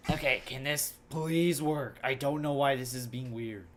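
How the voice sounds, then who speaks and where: A woman's voice: very deep voice, normal speed, a little hiss or hum. A woman streaming a game live, chatting with viewers and swearing angrily at her equipment. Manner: frustrated, swearing, talking to chat. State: angry. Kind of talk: casual live-stream chat.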